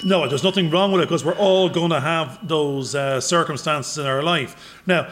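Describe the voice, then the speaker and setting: A man in casual podcast chat, rambling and animated, breaking into sudden loud bursts as he tells stories. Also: a little high, normal speed, background noise.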